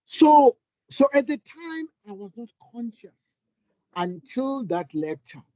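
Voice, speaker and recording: A man's voice: very high voice, sing-song, slow pace, mellow, dry recording, highs cut off. A middle-aged man, giving a candid, earnest talk as a panel speaker and telling a personal story with frequent restarts. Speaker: panel speaker, business leader. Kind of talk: reflective public talk.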